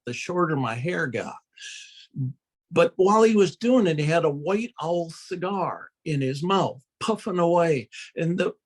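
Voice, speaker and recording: An older man telling a humorous folksy story, acting out quotes and sound effects with animated delivery. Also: fairly high pitch. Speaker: storyteller and birder.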